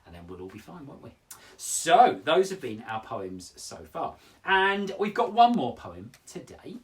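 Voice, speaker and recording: A man's voice: on the high side, measured pace, far from the mic. A man hosting a poetry show for children from home, talking playfully and directly to the kids watching. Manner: animated, playful and expressive, addressing kids directly. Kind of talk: lively children's show presenting.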